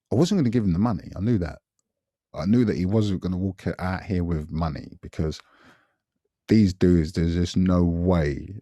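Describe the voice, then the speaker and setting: A deep, mellow-toned man, recounting a story for a podcast. He talks casually and animatedly, circling back with repeats and little asides. His voice sounds dry and close. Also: no room sound. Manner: animated, repetitive retelling with frequent asides. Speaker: podcast guest recalling past events.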